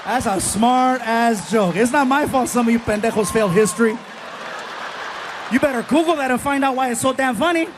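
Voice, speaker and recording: A man performing stand-up, telling an animated, self-deprecating story with quick asides. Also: extremely high pitch, a crowd in the background, noisy background. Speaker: stand-up comedian.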